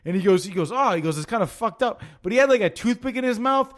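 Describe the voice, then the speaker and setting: A man hosting a podcast, telling stories in casual chat, profane and excitable, acting out quotes. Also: high voice, fast. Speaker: podcast host.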